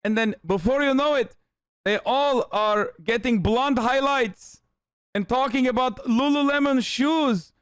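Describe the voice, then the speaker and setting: A man's voice: very high voice, a little slow, smooth, no echo, voice pushed up. A man putting on the voice of a mock-solemn male jihadi recruiter, preaching in an exaggerated way. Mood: mock sermonizing.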